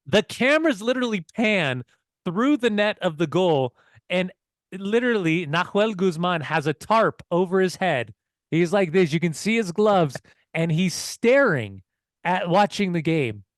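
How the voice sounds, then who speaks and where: Casting: excitable male podcast co-host, slightly high voice, dry close mic. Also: a little slow, dry recording. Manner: excitable, swears, laughs while telling stories. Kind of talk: casual football chat.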